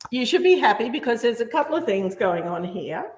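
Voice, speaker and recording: A woman's voice: fairly high pitch, big pitch swings, fairly quick. A woman hosting a book show, presenting in an enthusiastic, chatty way. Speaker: host.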